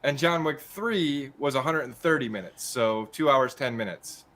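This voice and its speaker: A man co-hosting a movie podcast, chatting casually with animated, swearing banter. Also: medium pitch, normal speed. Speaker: podcast co-host.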